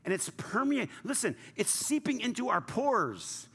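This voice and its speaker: A man pastor delivers a passionate sermon in a high, gravelly voice. He swings from loud, urgent pleading down to hushed, near-whispered lines. The sound carries a long church-hall reverb with faint ambience behind it. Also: big pitch swings, normal speed.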